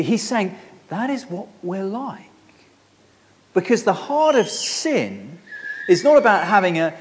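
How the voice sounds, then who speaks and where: A man preaching a sermon in an earnest, conversational way, often restarting phrases. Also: sits high.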